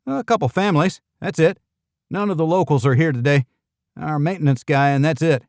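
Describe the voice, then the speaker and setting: A man's voice: fairly high pitch, brisk, darkish tone, no room sound, studio quality, pitched above the performer's own voice, lightly acted. A male audiobook narrator voicing a fussy middle-aged marina manager with a slight New England accent, in a raised, prim voice. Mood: obliging.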